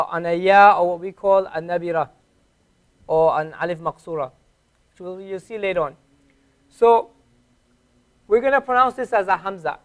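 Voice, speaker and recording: Teacher, male, high-pitched, patient, drills and repeats sounds slowly in a classroom lesson. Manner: slow, patient, repeats each sound clearly. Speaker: Arabic teacher.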